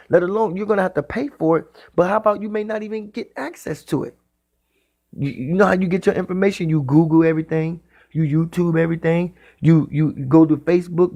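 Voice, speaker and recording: A man giving a spiritual talk in the style of a sermon. He speaks emphatically and repeats his phrases, sometimes drawing them out slowly. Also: on the high side, a little mellow. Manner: repetitive, emphatic, drawn-out phrasing. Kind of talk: preaching monologue.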